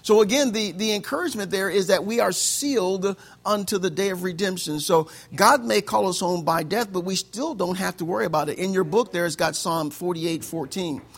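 A man's voice: high voice, brisk, gravelly, few pauses. A male pastor preaching a conversational sermon to his congregation, punctuating his points with "amen" and light chuckles. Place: church service with congregation.

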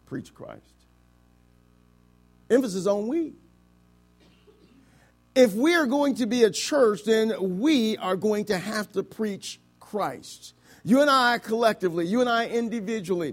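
Pastor, male, high-pitched, emphatic sermon delivery that drops to a hush and drags out key words. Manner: emphatic, swings from loud to hushed, stretches key words; addresses the congregation with rhetorical questions.

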